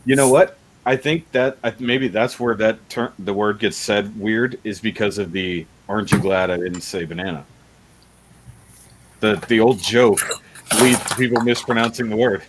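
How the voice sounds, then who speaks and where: Chatty low-voiced man hosting a stream. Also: normal speed, noisy background. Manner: rambling, chatty, laughs often. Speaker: livestream host. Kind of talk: casual livestream chat.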